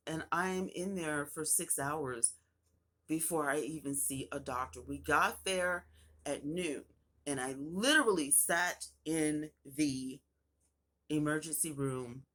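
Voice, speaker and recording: A young woman with a low, deep voice tells her own story straight to the camera. She relaxes into a casual retelling and slips into the voices of the people in it as she goes. Her delivery stays animated and personal. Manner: animated retelling with acted quotes. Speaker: vlogger.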